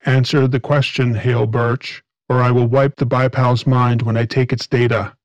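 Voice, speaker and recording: A man voicing a tall inhuman medium creature, speaking slowly in a flat, robotic monotone through a robotic filter. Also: medium pitch, dry recording, muffled recording. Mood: cold, commanding. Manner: slow, flat and commanding.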